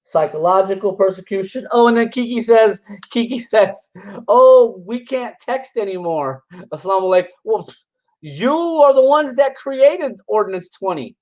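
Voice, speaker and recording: This religious commentator, a man with a high, darkish voice, reacts to videos at normal speed with animated energy. He is casual, combative, and dismissive, rambling, restarting sentences, and scoffing with laughter between points. The audio is poor.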